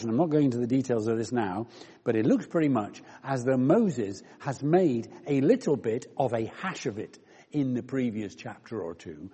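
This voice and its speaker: Preacher in a reverberant church. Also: male voice, medium pitch, warm tone, husky. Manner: conversational, explaining scripture with rhetorical questions. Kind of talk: sermon. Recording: long reverb of a church hall.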